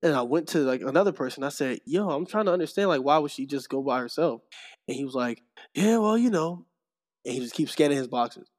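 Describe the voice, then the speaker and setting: Young male guest, casual storyteller, slightly higher-pitched voice, plays the people in his anecdotes. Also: brisk. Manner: animated storyteller acting out quoted people. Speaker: podcast guest, streamer.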